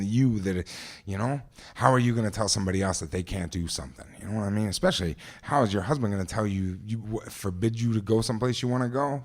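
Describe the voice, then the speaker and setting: A man from New Jersey telling a vivid first-person story on stage at a live event, talking conversationally with frequent restarts and asides. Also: on the low side.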